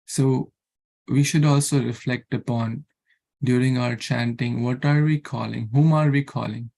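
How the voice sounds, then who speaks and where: A man's voice: medium pitch, fairly even intonation, unhurried, vocal fry, mellow. A man giving an earnest sermon, repeating himself and asking his listeners questions, with chants and Sanskrit verses mixed in. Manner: earnest, repetitive, asks rhetorical questions. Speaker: scripture class speaker.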